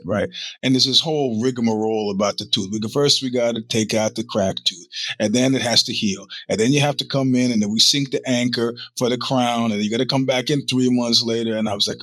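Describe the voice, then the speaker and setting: A man's voice: medium pitch, a little fast, sharp tone, no room sound. A middle-aged man hosting a podcast, telling a rambling, profane story in a casual monologue with many restarts. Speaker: podcast host.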